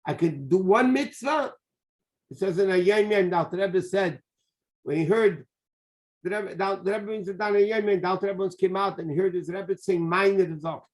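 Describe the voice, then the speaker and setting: A high-pitched man lectures as a rabbi in a Torah class. He talks with energy, circles back to repeat his main points, and mixes Hebrew and Yiddish terms into his English. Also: brisk. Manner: animated, repeats key phrases, sprinkles Hebrew and Yiddish terms. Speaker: rabbi teaching a Tanya class.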